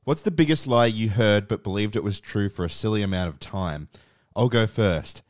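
A man's voice: on the low side, moderate pace, dry recording, clean studio sound. A man co-hosting a podcast, joking around and reading out listener mail. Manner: animated, jokey, reads out listener mail. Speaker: podcast co-host. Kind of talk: casual chat.

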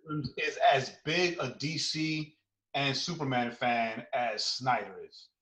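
A man co-hosting a casual podcast chat, animated and quick to laugh and joke. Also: mid-range voice, roomy sound, low-quality recording. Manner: animated, laughs often, jokes around. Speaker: podcast co-host. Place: podcast studio in Atlanta.

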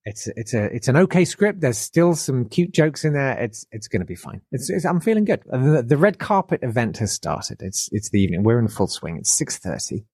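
A man on a podcast, telling an animated anecdote in casual chat and acting out the people he quotes. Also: medium pitch, fairly quick, few pauses, slightly rough, no echo, studio quality. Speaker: podcast guest.

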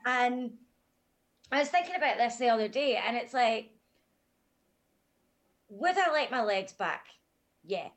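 A woman's voice: fairly high pitch, lively intonation, unhurried, long pauses. A woman guest on a podcast, telling a hard personal story in a frank, matter-of-fact way.

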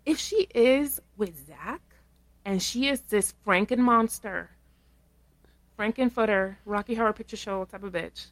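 A woman co-hosting a casual podcast, recapping a reality show with lively swearing and voicing the people she quotes. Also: unhurried. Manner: animated, acts out quoted people in shrill voices, laughs, swears. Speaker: podcast co-host.

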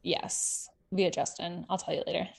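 A woman co-hosting a podcast, chatting casually and recapping a reality show with quick asides and laughter. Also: lowish voice, level tone, gravelly, darkish tone. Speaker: podcast co-host.

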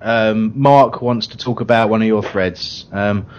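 A man's voice: fairly low pitch, measured pace, a little mellow. A man hosting a casual radio chat, dry and hesitant, often apologetic. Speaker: show host. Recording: slightly lo-fi sound.

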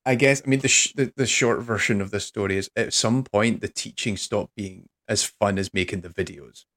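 A man's voice: fairly low pitch, normal speed, a bit bright. Rambling English man hosting a podcast. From England. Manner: rambling, self-deprecating, hesitant with restarts. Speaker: podcast host. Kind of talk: casual podcast chat.

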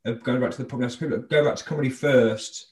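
A man's voice: medium pitch, steady tone, racing, darkish tone, slight background noise. A man, a comedian, chatting casually on a podcast and laughing often. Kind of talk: casual chat.

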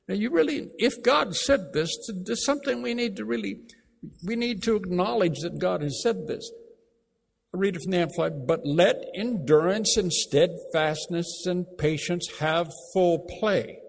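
A man preaching a sermon, emphatic, repeating key phrases and slowing down to read scripture aloud. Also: high voice, gravelly. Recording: long reverb of a large hall.

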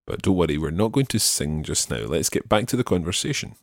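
Low-voiced man teaching French phrases. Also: sing-song, no echo, clean studio sound. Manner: slow careful repetition of phrases. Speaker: language teacher.

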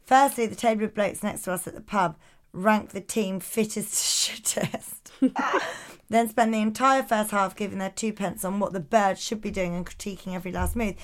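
A woman's voice: mid-range voice, steady tone, a little fast. A woman co-hosting a podcast, reading listener rants in a wry, sardonic way. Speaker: podcast co-host. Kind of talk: casual podcast chat.

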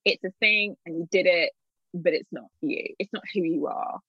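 A woman's voice: fairly low pitch, normal speed, slightly rough, no echo. A woman in an interview, a literary agent telling stories candidly and acting out her own past remarks with lots of laughter. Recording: dull, dry sound.

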